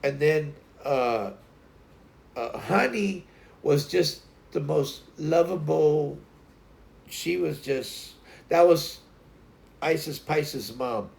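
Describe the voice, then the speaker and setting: Man, livestream host, casual rambling chat, gravelly voice, home with dogs. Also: fairly high pitch, expressive, extremely slow, long pauses, a little mellow. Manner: rambling, loose grammar, talks to his dogs.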